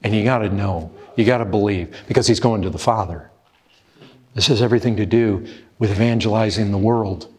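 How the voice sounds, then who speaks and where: A man's voice: fairly low pitch, fairly quick, breathy edge. A man preaching an urgent, pleading sermon, often appealing to his listeners as brethren. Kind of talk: fervent sermon.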